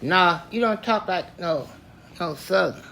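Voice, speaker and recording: A stern Southern lawman barking short commands and threats, as an older man retells him. The delivery is slow and clipped, at a middle pitch, with faint hiss behind. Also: lively intonation, creaky, pushed and bright, heavily acted. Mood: menacing. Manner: curt, menacing commands.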